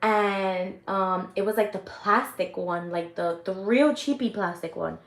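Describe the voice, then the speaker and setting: A woman in her forties chatting casually with viewers, telling stories in an animated, profane way with frequent laughter. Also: medium pitch, unhurried, echoey room. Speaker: livestream host. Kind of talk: casual storytelling chat.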